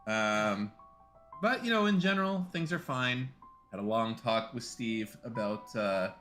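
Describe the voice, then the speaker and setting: A man's voice: medium pitch, lively intonation, a little slow, bright, forceful tone, faint music behind. A man hosting casual voice-chat banter in a playful, teasing way.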